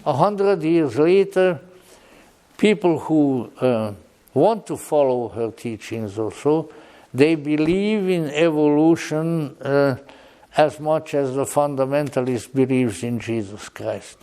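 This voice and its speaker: A man giving an unscripted public lecture in a wry, digressive way, with joking asides and halting restarts. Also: on the high side, dark tone.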